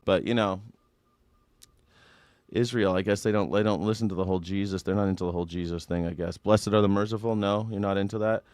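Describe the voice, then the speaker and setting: A man's voice: sits low, steady tone, a little fast, darkish tone, smooth. Mocking guy riffing on the news, dry close sound, no room echo. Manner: irreverent, mocking, sarcastic ranting. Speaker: host. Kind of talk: live news reaction commentary.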